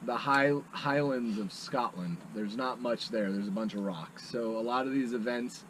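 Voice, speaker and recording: A man's voice: medium pitch, normal speed, fairly bright tone, a little hiss or hum, poor audio. A young man co-hosting a casual vlog, joking and explaining things. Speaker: vlog co-host. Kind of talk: casual chat.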